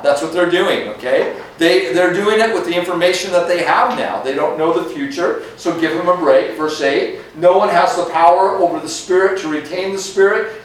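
A male pastor teaching through scripture in a relaxed, conversational way, often pausing to ask "right?" or "okay?". His slightly raised voice carries through an echoey sanctuary and is picked up from some distance away. Faint background noise sits under the speech. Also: a little high. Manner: conversational, frequent "okay?" and "right?" check-ins. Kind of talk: verse-by-verse sermon.

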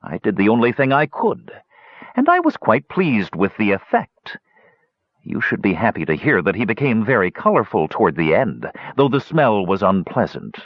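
A man voicing a cruel hunchbacked male dwarf savant, silky, mocking and sinister, with a husky voice. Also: on the low side, wildly swooping pitch, normal speed, dry recording, lo-fi sound, heavily acted.

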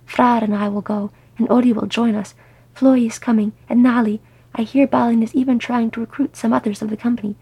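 Woman doing an eager young dwarf guy, talking folks into stuff, gravelly voice. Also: a little high, brisk, muffled recording. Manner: excited, persuasive.

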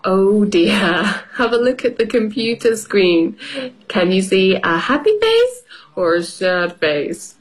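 A woman teacher reading a picture book aloud to young children, unhurried and lively. Her voice rises and falls a lot as she pauses to ask little questions. She speaks at an easy middle pitch. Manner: slow, expressive, asks the listener questions. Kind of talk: storybook read-aloud lesson.

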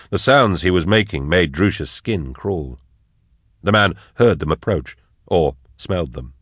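Deep-voiced guy reading a story, lots of rise and fall, dry close sound. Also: fairly bright tone, no echo. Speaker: narrator. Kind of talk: audiobook narration.

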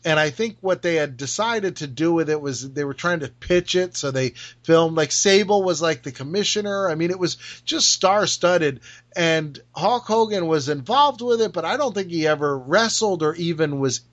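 A man with a fairly high voice, chatting casually as a podcast co-host. He tells stories with energy, slips into remembered dialogue and laughs as he goes. The audio sounds a little muffled. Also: normal speed. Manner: animated storyteller, acts out remembered dialogue, laughs often. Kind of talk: casual chat about pro wrestling history.

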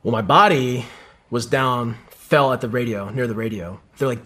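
A man sits in as a guest and tells his own combat story in casual talk. He swears often and keeps the telling vivid and animated. His voice sits at an ordinary middle pitch. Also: normal speed, slightly rough. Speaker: podcast guest, combat veteran.

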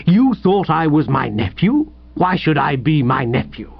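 A man voicing a pompous, irritable older gentleman who talks in a clipped, disdainful way. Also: a little high, very animated, measured pace, creaky, breathy edge, dry recording, dull audio, full character voice. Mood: stern, disdainful.

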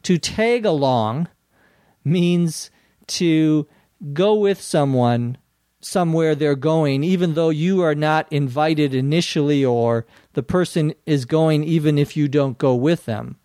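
A man's voice: fairly high pitch, slow pace, warm tone, no echo, studio quality. A man with a Minnesota accent hosting an English lesson podcast, patiently explaining words and spelling them out. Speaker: English teacher and podcast host.

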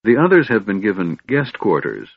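A man reading a calm, soft-spoken young woman. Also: fairly low pitch, moderate pace, creaky, slightly rough, dry recording, exaggerated voice. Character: pale quiet young woman, calm guide. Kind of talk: audiobook reading. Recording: dull dry recording.

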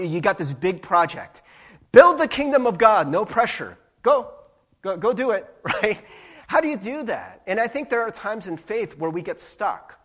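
A male preacher with a high voice that leaps up and down as he talks. He preaches in an animated, playful way and sounds engaged with the room. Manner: animated and playful, with laughs and sung bits. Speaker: pastor. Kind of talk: sermon.

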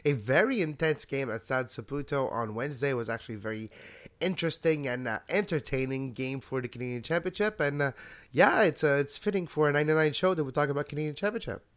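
A man with a Quebec French accent, French his first language, co-hosting a podcast with halting, filler-heavy speech. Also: medium pitch, fairly bright tone. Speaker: podcast co-host. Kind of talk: casual podcast chat.

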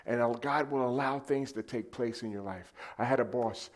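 A middle-aged man preaching a sermon, telling a personal story and swinging from loud calls to the crowd to hushed, quiet lines. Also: mid-range voice, normal speed.

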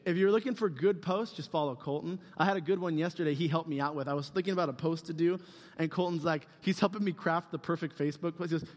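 A man's voice: fairly high pitch, fast talker. A man giving a casual, humorous youth sermon, rambling and joking with lots of fillers. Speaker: youth pastor. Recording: long hall reverb.

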